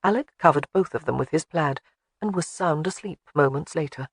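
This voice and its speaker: A man reading an audiobook in a measured, even way. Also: on the high side, slightly rough, no room sound. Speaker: audiobook narrator. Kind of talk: scripted narration.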